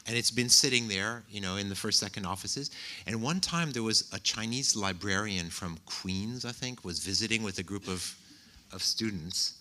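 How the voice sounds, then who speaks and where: Low, bright man telling an anecdote. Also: moderate pace, hardly any pauses. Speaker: panelist. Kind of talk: conference panel talk, anecdote.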